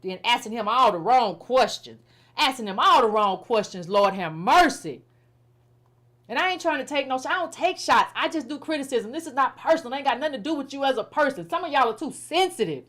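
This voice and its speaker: A middle-aged woman with a high-pitched voice delivers political commentary in a casual, unscripted way. She talks bluntly and repeats herself as she presses each point, with plenty of informal turns of phrase. Her tone stays exasperated and critical throughout. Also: lively intonation, fairly quick, fairly bright tone.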